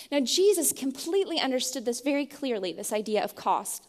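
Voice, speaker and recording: A young woman opens with prayer before delivering a sermon in a church sanctuary, telling stories earnestly and frequently starting her phrases over. She speaks fairly quickly in a high voice with big swings in pitch, and the hall gives a long reverb.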